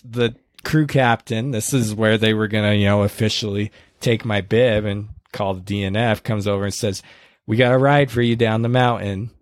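A man casually retelling a hard race on a podcast, earnest and halting, with many restarts and quoted lines. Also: fairly low pitch, dry recording. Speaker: podcast host recounting a race. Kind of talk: casual storytelling chat.

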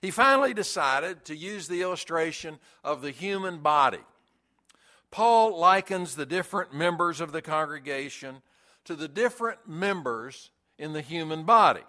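A male pastor giving a sermon, speaking deliberately with emphatic pauses. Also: on the high side, expressive, sharp tone.

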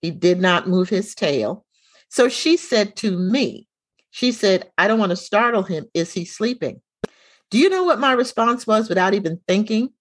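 Middle-aged female co-host, chatty and animated, dry close-mic sound. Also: mid-range voice, moderate pace, dry recording. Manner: animated storyteller, acts out quoted dialogue. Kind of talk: casual chat, storytelling.

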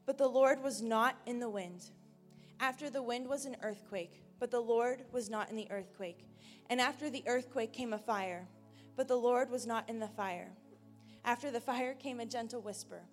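A woman preaching a sermon earnestly on a church stage into a handheld mic, moving from raised emphasis down to a hushed near-whisper. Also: a little high, normal speed, big-room sound, faint music behind.

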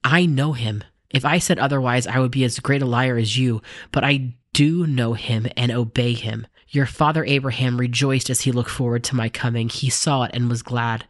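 A man voicing a calm, authoritative male teacher, in a steady, earnest scripture reading. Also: medium pitch, normal speed, no echo, clean studio sound, lightly acted.

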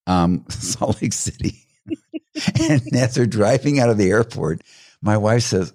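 A man in middle age with a very low voice talks through personality types in an easygoing way. He tells stories, slips into the voices of people he quotes, and laughs along with his own anecdotes. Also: slow pace. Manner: animated storyteller, acts out quoted voices; laughs while telling stories. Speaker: guest expert on personality colors. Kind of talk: conversational explaining with anecdotes.

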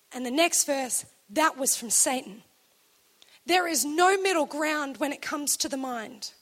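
A woman preaching a sermon, telling a scripture story in an animated way and acting out the dialogue. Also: very high-pitched.

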